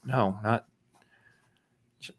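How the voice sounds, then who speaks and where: A man co-hosting a film podcast, chatting casually in a rambling, halting way with plenty of fillers. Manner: rambling, halting, self-deprecating. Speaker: podcast co-host. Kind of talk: casual chat.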